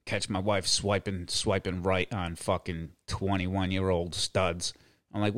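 A deep-voiced, middle-aged man hosting a podcast rants crudely with a flat, unhurried delivery, full of swearing, repeated phrases, and chuckles. There's no room sound.

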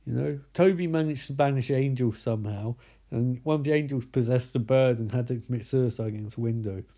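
A man's voice: mid-range voice, brisk, warm tone. Sarcastic, swearing man recapping a film. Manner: sarcastic, swears often, loses track of names. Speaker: movie commentator. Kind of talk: casual sardonic movie recap. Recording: slightly dull lo-fi recording.

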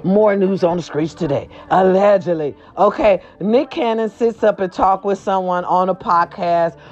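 A woman's voice: medium pitch, moderate pace, soft background music. Sassy black lady gossiping, sore throat, kinda dull lo-fi audio. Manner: sassy, animated, repeats catchphrases. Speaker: gossip vlog host. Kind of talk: casual celebrity gossip chat.

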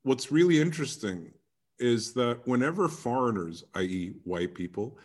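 A man's voice: medium pitch, animated, moderate pace, darkish tone. A man co-hosting a casual chat who teases his partner and tells stories in a playful way. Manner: playful, teasing, slips into mock voices.

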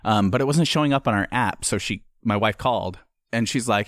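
A man with a low voice tells a story in casual chat, animated and slipping into the voices of the people in it. The sound is dry and close, with no room around it. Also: fairly quick, no echo.

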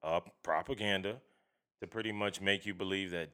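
A man with a low voice speaks in a bright, clear tone. He talks casually and bluntly, swearing freely. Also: normal speed. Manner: blunt, profane, animated storytelling. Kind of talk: casual chat.

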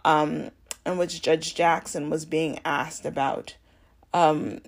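A young adult woman hosting a casual solo podcast. She talks in a chatty, animated way, full of fillers and self-corrections, and acts out her own reactions with big jumps in pitch. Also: takes it slowly, gravelly. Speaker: podcast host. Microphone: home podcast mic.

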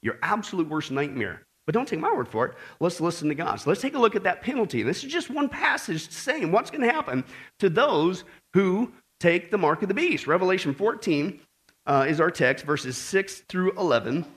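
A male pastor delivering a sermon to a congregation, his voice high and bright, swinging widely in pitch as he goes. He reads scripture and breaks off to joke with the people in the room. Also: moderate pace. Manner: animated, joking with the congregation.

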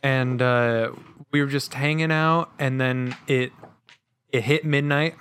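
A young man chatting casually with friends, laid-back and halting, pausing with fillers as he tells a story. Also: medium pitch, steady tone, fairly bright tone, smooth.

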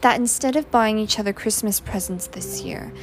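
A woman's voice: medium pitch, moderate pace, faint music behind, natural voice. A woman doing a plain, practical mother. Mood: earnest. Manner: calm, matter-of-fact.

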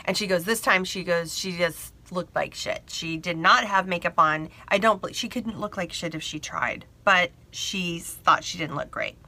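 A woman chattily telling a personal story to camera, animated and confiding, a bridal seamstress. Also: fairly low pitch, normal speed, few pauses.

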